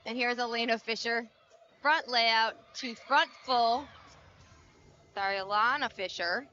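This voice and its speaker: A woman's voice: on the high side, unhurried, bright, forceful tone, faint music behind. A woman giving color commentary on a gymnastics meet, enthusiastic and chatty, with a muffled broadcast sound. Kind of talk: sports commentary.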